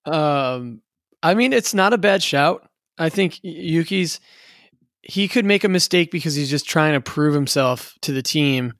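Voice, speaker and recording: A man co-hosting a podcast, teasing his partner in casual chat and laughing a lot. He fills pauses with plenty of ums. His voice sits a little high, and it is recorded dry and close. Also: lively intonation, fairly bright tone, dry recording. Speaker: podcast co-host.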